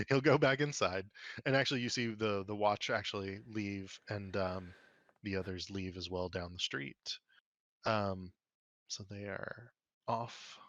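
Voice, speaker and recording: A man narrating a tabletop game as game master, relaxed and casual. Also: on the low side, slow, pauses often, dry recording, highs cut off.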